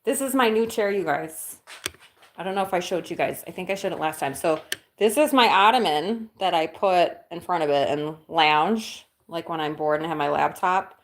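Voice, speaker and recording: At a normal speed and with a voice on the low side, a woman streams live from her Illinois home, doing chores and bluntly answering viewers' comments with the occasional swear word. The roomy recording, made in her kitchen and living room with the windows open, has faint background noise.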